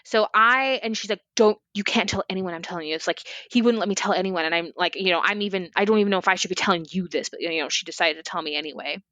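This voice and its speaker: A woman guest on a podcast telling a personal story in a candid, expressive way, often saying "like". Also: fairly low pitch, quick pace, few pauses, dry recording. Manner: candid, expressive, fills speech with "like".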